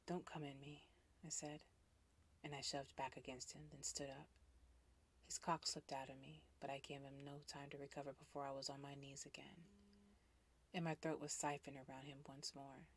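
A woman narrating a first-person erotic story in a breathy, hushed voice that often drops into a whisper, with sudden loud outbursts. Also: a bass voice, little pitch movement, moderate pace.

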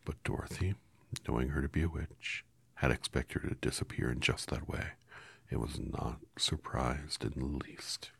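A man reading a children's story aloud in a calm, unhurried way, sometimes dropping to a whisper. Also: a bass voice, vocal fry, husky, no room sound. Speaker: storybook reader.

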